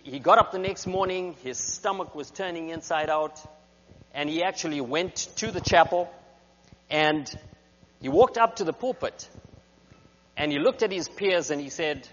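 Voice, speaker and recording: Animated male preacher, high-ish voice; reverberant hall, dull sound, mains hum. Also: moderate pace. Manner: animated storyteller. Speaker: guest preacher. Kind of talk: sermon with storytelling. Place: church sanctuary.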